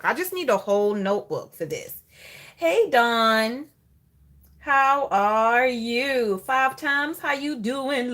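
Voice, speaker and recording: A woman's voice: fairly high pitch, fairly bright tone. A woman hosting a casual planner livestream, chatting and greeting viewers by name while laughing often.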